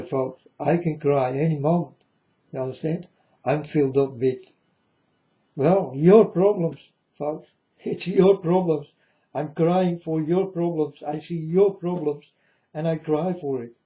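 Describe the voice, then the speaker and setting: An earnest man delivers a rambling spoken warning to viewers, repeating himself and calling them "folks." His voice is fairly high with a dark tone, a little slow, and the recording is muffled.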